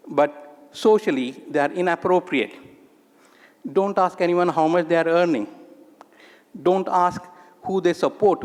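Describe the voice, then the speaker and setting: A middle-aged man from India, giving a conference talk of advice, hesitant with many ums and uhs. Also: on the high side. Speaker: conference speaker, psychiatrist working in the UK. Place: conference hall. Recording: echoey conference hall with long reverb.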